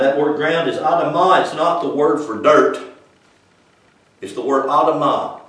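A man's voice: on the high side, measured pace, long pauses. Folksy preacher man in an echoey room. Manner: swings from loud preaching to quiet explaining, folksy grammar. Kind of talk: informal sermon teaching. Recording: echoey room, mic far off.

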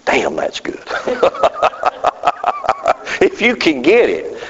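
A man's voice: wildly swooping pitch, a little hiss or hum. A man preaching a sermon, emphatic and drawn out, with sudden rises and falls in his voice. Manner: emphatic, drawn-out phrasing with sudden pitch swings. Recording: dull sound with long hall reverb.

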